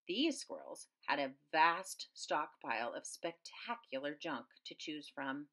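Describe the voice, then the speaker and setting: A woman reads a children's picture book aloud as a storyteller. Her voice sits somewhat low, and she keeps it animated with big rises and drops in pitch and loudness. She tells the story in an engaging, playful way. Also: measured pace.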